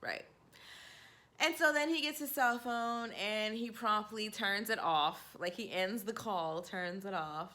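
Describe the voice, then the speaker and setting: Bright-voiced woman in her forties telling a story. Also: medium pitch, measured pace. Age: 40s. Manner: candid, laughing, animated quoting. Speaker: vlogger. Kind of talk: casual storytelling to camera.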